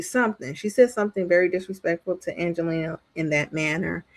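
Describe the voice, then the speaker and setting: A woman's voice: fairly low pitch, moderate pace, few pauses. A woman reviewing a reality TV show in casual commentary. She speaks bluntly, swears freely and acts out what the cast said. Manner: animated, acts out what others said.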